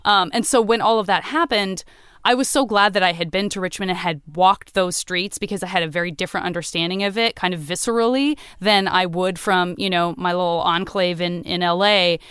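A woman hosting a podcast talks in a relaxed, animated way. Her voice is smooth and resonant, and the recording is dry and close, with no room sound. She often jumps up in pitch when she quotes people. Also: fairly quick, no echo. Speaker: podcast host. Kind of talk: casual conversation.

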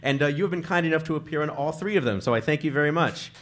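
A man's voice: on the high side, very fast, a bit bright, slight background noise. A man hosting a quiz show in a jovial, teasing way.

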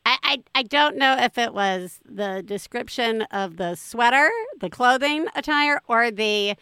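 A woman's voice: fairly high pitch, expressive, a little slow, sharp tone, smooth, no echo, studio quality. A woman in her forties hosting a casual podcast chat, enthusiastic and laughing often. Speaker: podcast host.

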